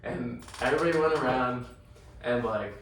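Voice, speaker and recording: A man's voice: mid-range voice, normal speed, a bit bright. A young man from Connecticut co-hosting a casual sports podcast, rambling with lots of fillers and swearing. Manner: loose, rambling, heavy on fillers and profanity. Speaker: podcast co-host. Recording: distant mic in a very echoey room, faint room noise.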